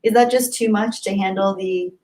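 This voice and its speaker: A woman's voice: mid-range voice, fairly even intonation, moderate pace, mellow, rough recording. A young adult woman hosting a casual livestream, chatting and giggling as she answers viewers' comments by name. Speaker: livestream host.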